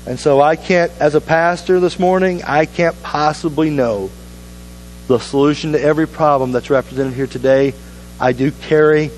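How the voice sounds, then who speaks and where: A man's voice: mid-range voice, a little mellow, a little hiss or hum, poor audio. A man pastor preaching a sermon in a church, earnest and urging, with repeated appeals to the congregation. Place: church sanctuary.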